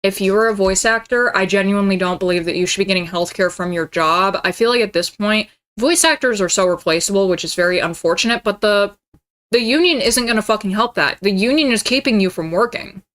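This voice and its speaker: Bright-voiced ranting woman in her twenties. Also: mid-range voice, a little fast. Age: 20s. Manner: profane and heated, mocking. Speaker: streamer. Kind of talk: ranting reaction commentary.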